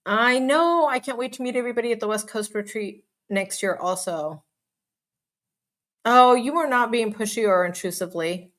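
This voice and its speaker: A woman hosting a casual live chat, reading out viewer comments in a bubbly, hyper, chatty way with quick asides and laughs. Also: fairly high pitch, a bit bright. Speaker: live stream host. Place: home.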